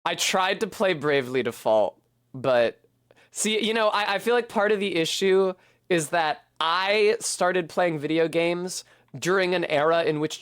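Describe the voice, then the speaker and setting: A man with a somewhat high voice thinks aloud while he plays a game on stream. His talk rambles and turns self-deprecating, with the odd swear. The recording is close and dry. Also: fairly bright tone, no echo. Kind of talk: casual commentary while playing.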